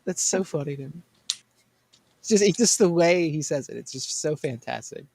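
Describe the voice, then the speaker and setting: Man, high voice, dry close sound, animated storyteller, laughs a lot. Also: moderate pace, creaky, no echo. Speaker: podcast host. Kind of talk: casual group chat.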